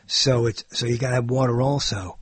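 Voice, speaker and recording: A man's voice: medium pitch, fairly even intonation, a little fast, breathy edge, no echo. An older man hosting his own show, rambling in a casual monologue that drifts into jokes and musings about what words mean. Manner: digressive, joking, muses aloud about word meanings.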